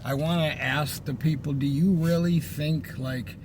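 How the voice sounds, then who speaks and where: A man's voice: fairly high pitch, fairly even intonation, unhurried, noisy background. A man who works in pest control, telling a work story in a casual, profane, exasperated way.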